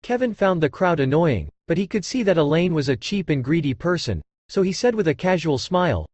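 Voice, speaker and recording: Guy reading an audiobook, fairly high voice, lots of pitch movement, dry close sound. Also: sing-song, fairly quick, few pauses, darkish tone, no echo. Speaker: audiobook narrator. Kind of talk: scripted narration.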